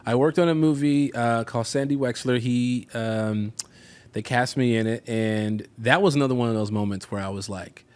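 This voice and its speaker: Chicago man in his forties, mid-pitched. Casual guest storyteller who acts out quotes. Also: normal speed, clean tone. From Chicago, USA. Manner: animated, acts out quotes, laughs often. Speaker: guest actor.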